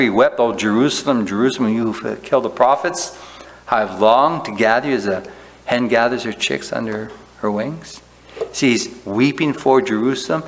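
A man's voice: medium pitch, fairly bright tone. A man preaching a sermon as a pastor, teaching in a conversational way and often checking in with "right?". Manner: conversational preaching, frequent "right?" tag questions. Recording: long hall reverb, faint room noise.

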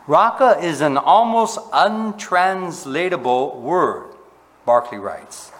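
A man preaching a sermon, asking his listeners questions and swinging between loud emphasis and quiet, low asides. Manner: asks the congregation questions. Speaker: pastor. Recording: long hall reverb.

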